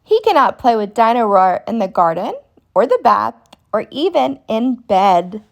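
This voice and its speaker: A woman reading a picture book aloud for children. She speaks slowly and clearly, with a lively, sing-song rise and fall, and her voice sits a little high. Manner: slow, expressive and clear for children. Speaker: children's story reader. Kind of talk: storybook read-aloud.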